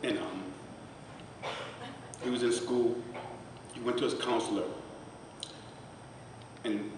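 A man's voice: mid-range voice, fairly even intonation, takes it slowly. A middle-aged man giving a heartfelt, conversational personal testimony at a charity celebration, sometimes choking up. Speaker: guest speaker at a charity celebration. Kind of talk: emotional personal testimony speech. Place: large event hall. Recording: echoey hall, distant mic, background noise.

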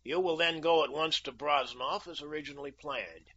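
A man's voice: fairly high pitch, moderate pace, fairly bright tone, breathy edge. A man voicing a brash, self-assured young American who bargains coolly and mocks, on a dull lo-fi recording. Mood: mocking, confident. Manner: cool, bargaining and mocking. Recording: dull lo-fi audio.

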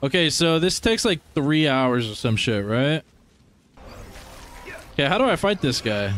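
A young man giving casual gameplay commentary as he plays, excitable, swearing often and talking to his viewers. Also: fairly high pitch, a little slow, slight background noise. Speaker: gaming streamer.

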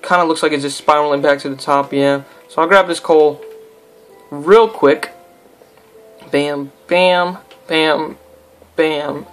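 A man's voice: on the high side, fairly even intonation, takes it slowly, long pauses, a bit bright, faint music behind. A young man giving casual, rambling let's-play commentary, goofing around and talking to himself and the game. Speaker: gameplay commentator.

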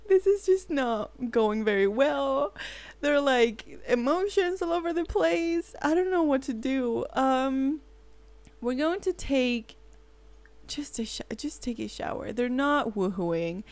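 Giggly, excitable young woman gamer. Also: sits high, slow pace, no echo. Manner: excitable, giggly, gasps and frets aloud. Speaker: gaming channel host. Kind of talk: let's play commentary.

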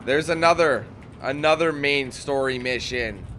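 Young man, bright voice, casual let's play commentary, chatty, swears a lot. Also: mid-range voice, measured pace, slight background noise. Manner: chatty, swears when frustrated. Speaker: gameplay commentator.

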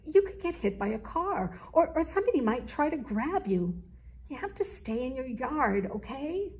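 A woman's voice: high voice, very animated, normal speed, darkish tone, pitched above the performer's own voice. A woman voicing a caring male dog in a children's storybook, talking in an earnest, warning tone. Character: caring male dog, protective older friend.

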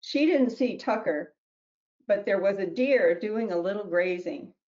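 A woman who wrote a children's book reads it aloud with gentle storybook narration and small slips, then talks about it. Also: medium pitch, lively intonation, unhurried, muffled recording. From New Mexico, US. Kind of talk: reading her picture book aloud.

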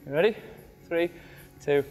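A man's voice: fairly high pitch, measured pace, a little mellow. A man leading a cardiac rehab exercise circuit, giving short counted cues while slightly out of breath. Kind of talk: coaching an exercise class. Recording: faint background music.

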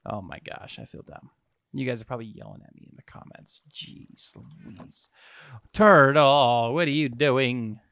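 A young man giving excitable, self-mocking let's-play commentary to his viewers as a gaming YouTuber. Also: medium pitch, normal speed, vocal fry, no room sound, studio quality.

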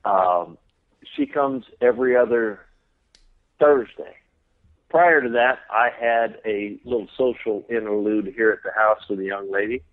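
A Texan man with a fairly low, unhurried voice tells a profane story through laughter as a guest in a casual podcast conversation. He's calling in by phone, so the line sounds tinny.

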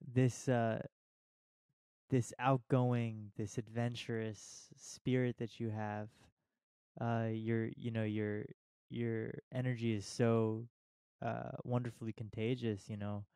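A man hosting a podcast, asking thoughtful questions in a halting, searching way. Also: medium pitch, level tone, warm tone, clean tone, dry recording, clean studio sound. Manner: halting, restarts and fillers while framing questions. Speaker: podcast host. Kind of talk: interview questions.

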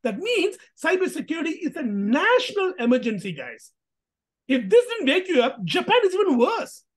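A woman hosting a casual commentary vlog, talking in an animated, emphatic way with rhetorical questions and restarts. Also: high-pitched, normal speed. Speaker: host.

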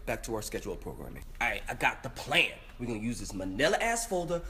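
A young man filming himself on his phone at home, panicky and swearing, swinging from hushed whispers to high yelps. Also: big pitch swings, quick pace, hardly any pauses. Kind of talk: selfie video vlog. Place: indoors at home. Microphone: phone camera.

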